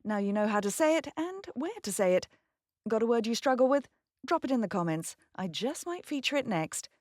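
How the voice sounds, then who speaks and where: A woman who is a professional voice actor, presenting a short pronunciation lesson in a clear, precise way. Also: a little high, brisk, no room sound, studio quality. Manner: clear, precise, lively delivery. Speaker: voice actor and narrator, host.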